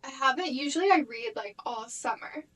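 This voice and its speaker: A young woman with a high, light voice talks through a casual podcast chat. She rambles freely and leans on fillers. She acts out little quotes as she goes. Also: expressive, brisk, a bit bright, slightly rough, rough recording. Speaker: podcast co-host.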